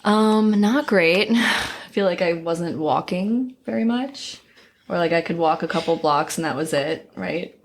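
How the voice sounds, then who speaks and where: A woman, a new mother, guesting on a podcast and speaking candidly in a soft, trailing way. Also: on the low side, unhurried. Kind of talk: casual conversation.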